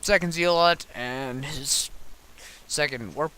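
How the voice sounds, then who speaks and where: This sleep-deprived man has a slightly high, sharp voice as he talks casually through a replay of his game, stumbling along with frequent ums and false starts.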